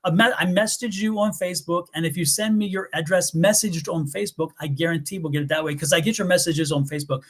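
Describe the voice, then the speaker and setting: A man from the US East Coast co-hosting a live tarot stream, chatting in an animated, rambling storytelling way. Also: on the high side, fast talker, hardly any pauses, slightly rough. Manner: animated, rambling storyteller who laughs often. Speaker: tarot reader co-host. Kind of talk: casual live-stream chat.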